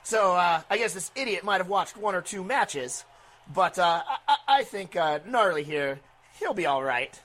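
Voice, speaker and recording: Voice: medium pitch, expressive, normal speed, fairly bright tone. A speaker voicing a sarcastic, sneering wrestling color commentator. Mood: snide.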